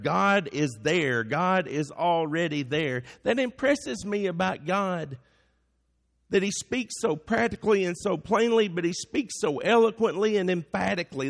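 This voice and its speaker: A man's voice: a little high, vocal fry. A man preaching a sermon as pastor, building to emphatic peaks. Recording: long hall reverb.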